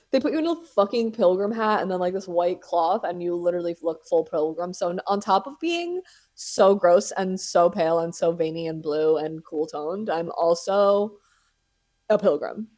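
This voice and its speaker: A young podcast host with a mellow voice on the low side. She tells a story casually, full of drama and profanity, and laughs a lot along the way.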